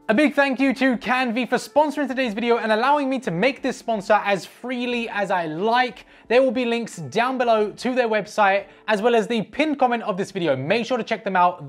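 An upbeat woman hosting her art channel, chatting enthusiastically with a lively, animated voice that rises and falls a lot. Her pitch sits at an ordinary middle height, and she keeps a jokey, casual tone. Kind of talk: casual vlog and sponsor read.

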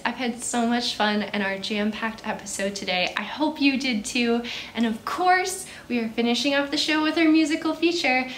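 A woman's voice: high voice, fairly bright tone, reverberant, slight background noise. A woman hosting a children's show, wrapping up with bubbly, exclamatory talk. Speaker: kids' show host. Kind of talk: upbeat show wrap-up.

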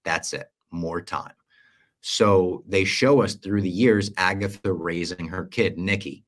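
A man's voice: sits low, a little slow. A young man on a casual podcast, recapping a series at length and acting out quoted lines along the way. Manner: animated storyteller, acts out quoted lines. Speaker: podcast co-host.

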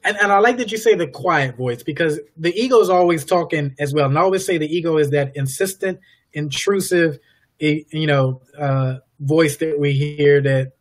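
A man's voice: on the high side, moderate pace. A man hosting an interview, affirming his guest often and restating his questions. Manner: affirming, many yeahs, repeats his questions. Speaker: interview host. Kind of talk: casual interview talk.

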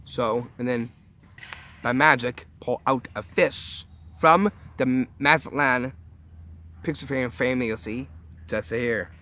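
A man hosting a magic tutorial, explaining tricks in a chatty, halting way with many restarts and upbeat reveals. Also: mid-range voice, pushed and bright. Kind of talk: casual how-to demonstration.

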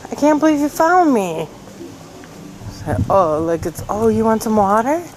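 A woman vlogging outdoors in a cemetery, chatting casually and coaxing the animals she meets in a gentle voice. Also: a little high, very animated, measured pace, a little hiss or hum, low-quality recording. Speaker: travel vlogger. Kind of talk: casual vlog narration.

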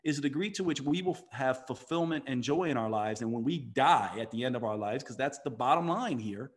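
A man's voice: medium pitch, expressive, fairly quick. A man who is a podcast guest, a physician and coach, telling a story with emphasis and acting out the voices of the people in it. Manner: emphatic, acts out quoted voices. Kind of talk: storytelling interview talk.

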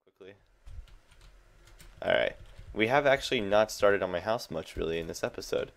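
Low gravelly young man commentating a game. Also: animated, normal speed, a bit bright, soft background music. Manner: chatty, self-amused, jumpy reactions. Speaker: gaming channel host.

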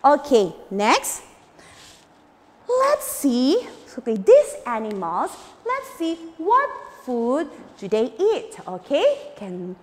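A woman's voice: high voice, big-room sound. A woman teacher giving an e-learning lesson to young children, drilling words through repetition and coaxing prompts.

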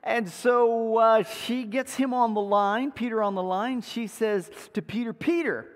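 A man preaching a sermon, telling a story in a playful, animated way. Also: extremely high pitch, a little slow. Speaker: pastor. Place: church sanctuary. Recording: echoey church livestream.

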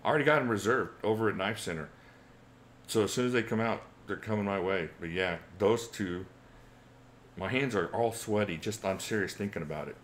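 A man's voice: fairly low pitch, fairly quick, fairly bright tone, slight background noise. A man in his forties hosting a casual livestream Q&A, chatty, reading viewer questions aloud and chuckling often. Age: 40s. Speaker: channel host.

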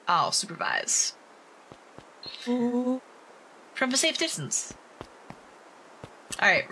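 A woman streaming a game, reading its dialogue aloud in a lively, playful way, over loud game music. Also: on the high side, husky.

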